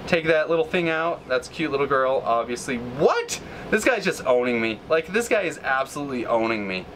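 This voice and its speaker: A man hosting a gaming channel, giving live gameplay commentary, ranting in frustration, with sudden high outbursts and low mutters. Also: lively intonation, fairly quick, a bit bright, a little hiss or hum, poor audio.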